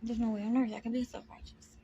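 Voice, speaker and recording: A woman's voice: fairly high pitch, flat delivery, fast, gravelly, mellow, muffled recording, a little hiss or hum. Fiery, foul-mouthed woman ranting. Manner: combative, heavy swearing, defiant; emphatic, repeats words for force. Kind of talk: profane personal rant to camera.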